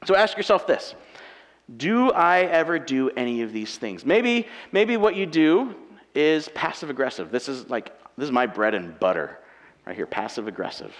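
A married man preaching a sermon with animated, self-mocking humor, acting out everyday quarrels. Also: mid-range voice, normal speed. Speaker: pastor. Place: church auditorium. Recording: long reverb of a large hall.

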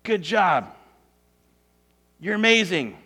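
A preacher acting as an excited, gushing master. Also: male voice, high-pitched, takes it slowly, exaggerated voice. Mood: delighted. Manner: effusive, excited praise. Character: generous, enthusiastic master of servants.

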